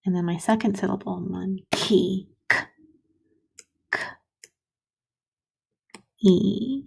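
Woman teacher, patient and slow for young children; warm, slightly gravelly voice. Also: mid-range voice. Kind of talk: recorded early-grade writing lesson.

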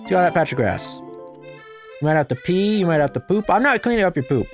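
Woman, gameplay commentary, low voice, lively swings, sarcastic banter, faint game music behind. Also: fast talker. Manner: sarcastic, playful, talking to a virtual puppy.

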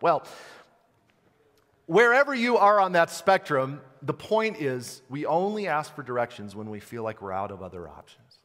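Animated man preaching in a reverberant church. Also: on the high side, moderate pace. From Montana. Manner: animated, talks to the congregation and asks them questions. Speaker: pastor. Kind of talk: sermon. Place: church sanctuary. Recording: long reverb of a church hall.

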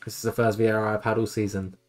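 A young gaming YouTuber with a lowish voice and level tone races through let's play commentary over a football management game, exasperated and grumbling at his team. Faint music plays behind him.

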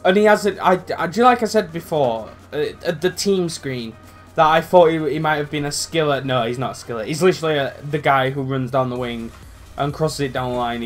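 A young man commentating his own football video game matches, excitable and rambling, swearing freely and shouting at big moments. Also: mid-range voice. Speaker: gaming channel host. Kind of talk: live gameplay commentary.

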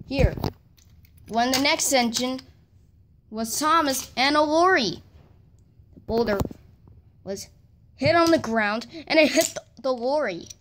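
Woman narrator, slightly high, halting amateur delivery, homemade toy-train story. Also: fairly bright tone, a little hiss or hum. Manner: halting, restarts and repeats words.

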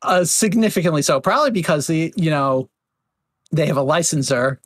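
This male podcast host keeps things chatty and loose, his voice a bit raised and sitting on the higher side. Fillers crop up constantly, and he often breaks into brief mocking impressions. There's no echo at all; the audio feels tight and dry, right up against the mic.

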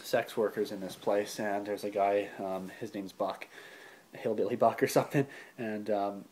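Rambling low-voiced man recapping a movie. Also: fairly even intonation, normal speed, darkish tone, a little hiss or hum. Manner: rambling, many fillers and restarts; swears casually. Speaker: movie reviewer. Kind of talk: casual plot recap.

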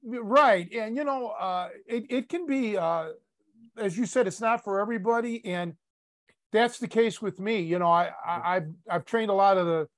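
A man's voice: high voice, moderate pace. A man from the Chicago area hosting a podcast, asking playful, teasing questions in casual interview chat. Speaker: podcast host, catch wrestling coach.

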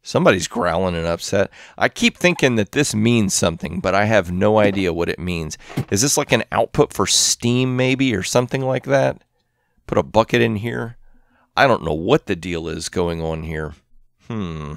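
Chatty low-voiced man thinking aloud. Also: lively intonation, normal speed, no room sound, clean studio sound. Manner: chatty, thinking aloud, counting items under his breath. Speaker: gameplay channel host. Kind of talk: casual gameplay commentary. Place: home room with his cat.

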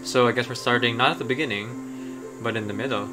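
Brief: a man casually narrating his gameplay, rambly with lots of ums, middle-pitched, music playing underneath. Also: steady tone, a little fast. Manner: rambling, thinks aloud with many ums. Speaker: streamer.

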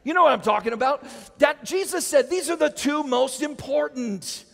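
A man's voice: extremely high pitch, moderate pace, creaky. A male pastor preaching a sermon, calling the congregation to repeat lines after him. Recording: long hall reverb.

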